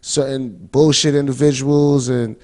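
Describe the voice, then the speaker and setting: A man's voice: medium pitch, flat delivery, a little slow, dark tone. Slangy male rapper guest. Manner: street slang, affirming "word", storytelling. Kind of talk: casual interview chat.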